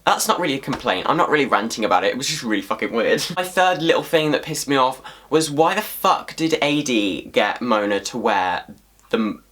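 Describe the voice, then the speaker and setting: A man's voice: medium pitch, a little fast. Swearing man ranting to camera. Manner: swears freely, animated, exasperated. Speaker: vlogger. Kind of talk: casual ranting monologue.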